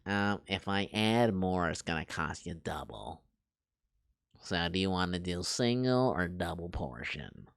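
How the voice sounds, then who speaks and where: A man mocking a bored fast-food worker. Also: sits low, smooth, dry recording, studio quality, voice pushed down, exaggerated voice. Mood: deadpan. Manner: flat, slow, soulless deadpan.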